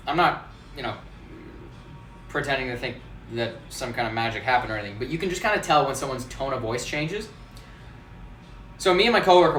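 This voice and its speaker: A man's voice: mid-range voice, recorded from a distance. Brief: male bar-owner host, chatty storyteller, recorded in a roomy space some way from the mic with faint background noise. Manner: animated, laughs often, acts out quotes. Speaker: bartender and host. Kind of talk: casual storytelling.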